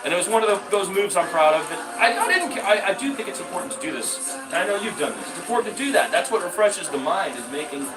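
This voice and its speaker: A man telling stories in a casual conversation, animated and emphatic, swearing freely and often jumping up in pitch. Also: fast talker, hardly any pauses, recorded from a distance. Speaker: podcast guest. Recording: echoey room, off-mic, faint music.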